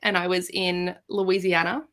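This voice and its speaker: A woman guest on a podcast, telling a personal story in a casual, animated way and acting out the quoted voices. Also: fairly low pitch, measured pace.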